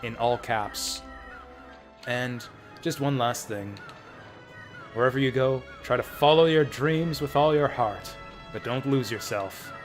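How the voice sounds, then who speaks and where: Speaking slowly with long pauses, a man with a mid-range voice streams an old role-playing game. He chats casually and reads out the game's text, adding his own asides as let's-play commentary. Game music plays faintly behind him.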